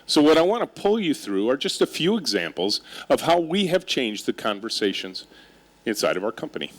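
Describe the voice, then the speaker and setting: A middle-aged man delivers a keynote to a live audience, his pitch leaping up and down as he tells stories. He speaks at a medium pitch with wry, self-mocking humor and keeps pulling the crowd in with questions. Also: brisk. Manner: animated storytelling with audience interaction. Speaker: keynote speaker and company leader. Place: stage before a live audience.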